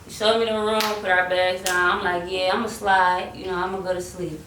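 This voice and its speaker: A young woman spins a lively storytime, voicing the people in it and breaking into snatches of melody. She sounds set back from the mic in a roomy space with a faint hiss underneath. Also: on the low side, brisk, distant mic. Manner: animated, acts out quotes and slips into singing. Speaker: singer telling her story. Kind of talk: casual storytime chat.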